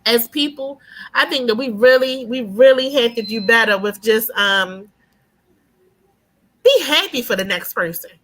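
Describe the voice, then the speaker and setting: A woman's voice: on the high side, measured pace. A woman, chatting as a podcast guest and telling stories. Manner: animated storyteller, often asks "you know what I mean". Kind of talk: casual podcast conversation.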